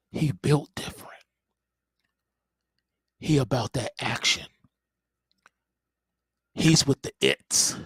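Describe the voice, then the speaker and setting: A man voicing a gentle mother telling a bedtime story in a low, hushed, slang-laced way. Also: creaky, husky, no echo, heavily acted.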